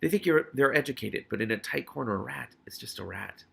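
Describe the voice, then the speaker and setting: A man's voice: medium pitch, expressive, a little fast, vocal fry, a bit bright, husky, heavily acted. A man voicing a cynical, self-serving tomcat with a dry, wry manner, in an audiobook reading. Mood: sardonic.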